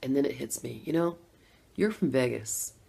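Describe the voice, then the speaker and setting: Creaky-voiced middle-aged woman telling her story. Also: a bass voice, expressive, normal speed, warm tone. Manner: conversational, laughs often, acts out her reactions. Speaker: former Democrat voter telling her story. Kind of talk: casual personal testimony.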